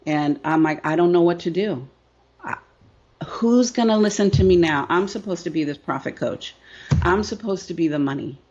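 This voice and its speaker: A woman's voice: lowish voice, normal speed, darkish tone. Middle-aged woman coach, candid and emphatic interview voice, dull recording. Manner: emphatic, repetitive, rhetorical "right?". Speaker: business coach and author.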